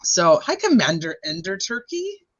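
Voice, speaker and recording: A woman's voice: medium pitch, big pitch swings, moderate pace, no echo, dull audio. Bubbly woman hosting a livestream. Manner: bubbly, greets viewers by name, laughs often. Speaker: true crime livestream host. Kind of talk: casual livestream chat.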